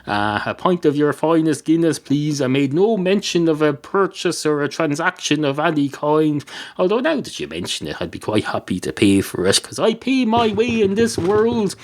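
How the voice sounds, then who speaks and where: A man's voice: fairly high pitch, sing-song, moderate pace, pitched above the performer's own voice. Rambling male talking dog at a pub, defensive and chatty, a man voicing it in a storytelling joke. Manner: rambling, self-justifying.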